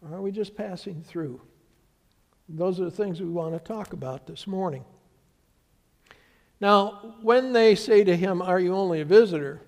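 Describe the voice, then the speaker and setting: A man's voice: high voice, unhurried, vocal fry, pauses often, darkish tone, big-room sound. A middle-aged man preaching a sermon as pastor, telling stories in a conversational way with voices for the people he quotes. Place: church sanctuary.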